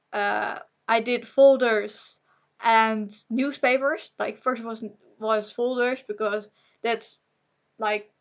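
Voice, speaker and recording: A young woman vlogger rambling to the camera in an emotional personal monologue, halting, with nervous laughter, upset. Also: on the high side, a bit bright.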